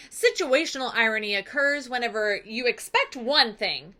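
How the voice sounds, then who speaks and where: A woman teacher who recaps a story in a casual, animated and playfully dramatic way. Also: a little high, moderate pace, few pauses.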